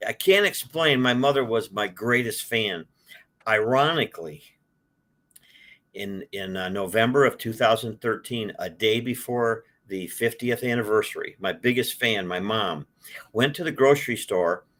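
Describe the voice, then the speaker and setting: A man's voice: lowish voice, measured pace, a bit bright. Older man telling stories, loose and rambling. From Detroit, USA. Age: 60s. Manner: rambling, with many fillers and restarts. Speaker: guest, collector. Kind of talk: casual storytelling.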